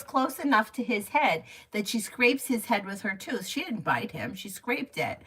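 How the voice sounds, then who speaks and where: A woman's voice: medium pitch, big pitch swings, moderate pace, few pauses, fairly bright tone, breathy edge. A middle-aged woman chatting casually at home on a livestream, laughing easily and telling stories before giving tarot readings. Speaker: tarot reader. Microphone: phone or webcam stream.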